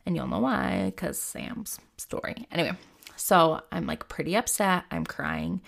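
A woman's voice: lowish voice, huge pitch swings, unhurried, gravelly. A woman in her thirties telling a personal story in a casual, rambling, candid way, full of "like" fillers.

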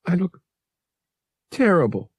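A woman's voice: fairly low pitch, big pitch swings, slow pace, darkish tone, breathy edge, no echo, pitched above the performer's own voice, exaggerated voice. A man voicing a tearful young woman in withdrawal, sniffling and pleading.

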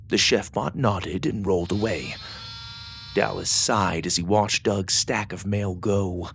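A man narrating a children's space adventure audiobook in an expressive, animated way. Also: on the low side, normal speed, vocal fry, slight background noise. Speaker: storyteller.

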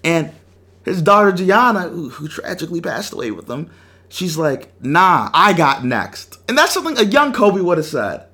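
A man's voice: sits high, moderate pace. A young man hosting a sports talk show, telling an emotional story and acting out the quotes. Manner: animated storytelling, acts out quotes.

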